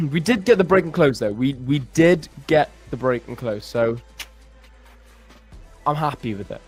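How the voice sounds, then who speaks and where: A young British man co-hosts a live trading stream, chatty and animated, laughing often as he talks. His voice sits at an ordinary middle pitch. Faint music plays under the conversation. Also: unhurried, husky. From Britain. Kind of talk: casual chat.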